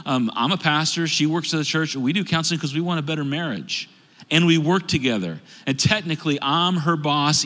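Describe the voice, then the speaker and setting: A middle-aged male pastor delivers a sermon, shifting into playful acted quotes as he tells stories. His voice is bright and a little high. It rings with the long reverb of a large church hall. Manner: animated storytelling with acted quotes. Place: church auditorium stage.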